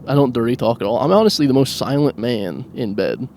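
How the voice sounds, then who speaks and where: A man's voice: medium pitch, expressive, fairly quick, a little mellow, a little hiss or hum. A man hosting a solo podcast while driving a car. He rambles comically, mocks himself and laughs at his own jokes. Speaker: podcast host. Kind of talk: solo rambling comedic monologue.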